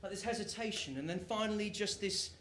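A man performing a rhyming spoken-word story poem live, with a rhythmic delivery that builds to shouted lines. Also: high-pitched, fairly quick, a little hiss or hum. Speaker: performance poet. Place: live venue on stage. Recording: roomy live venue sound.

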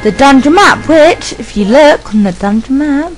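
A woman giving rambling casual commentary while playing a video game, chatting to her dog and reacting out loud. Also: high voice, moderate pace, faint music behind, rough recording. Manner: excitable, yelps and squeals at the game. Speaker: let's play gamer.

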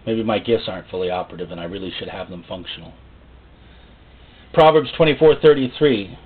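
A man preaching a sermon in a folksy, joking way, acting out little voices and rising suddenly to loud, high outbursts. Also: brisk, slightly rough. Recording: tinny phone-like sound.

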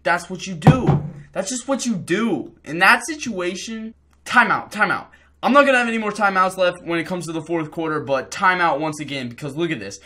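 High, animated jumpy young man. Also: moderate pace. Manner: jumpy, swearing, screams and panics. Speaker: reaction video host. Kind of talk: casual reaction commentary.

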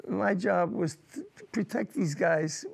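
Gravelly older veteran recalling war. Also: male voice, high-pitched. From United States. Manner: emotional, halting recollection with repeated words. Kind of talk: personal war testimony.

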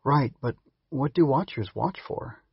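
A man reading aloud and voicing Chirp, an eager young female growbug who argues pushily, with a gravelly, husky voice. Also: mid-range voice, animated, a little slow, dry recording, lo-fi sound, voice pushed up, heavily acted. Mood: arguing. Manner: pushy, insistent questioning.

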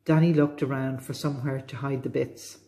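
A woman with an Irish accent, a librarian reading a children's storybook aloud with expressive delivery. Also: very deep voice, a little fast.

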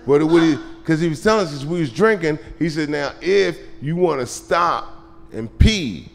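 Gravelly stand-up comic on a live stage. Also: male voice, on the high side, lively intonation, moderate pace, in a large hall. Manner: storytelling, loud punchlines, profane. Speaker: stand-up comedian. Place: comedy club stage with audience laughter. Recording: live club recording with audience noise.

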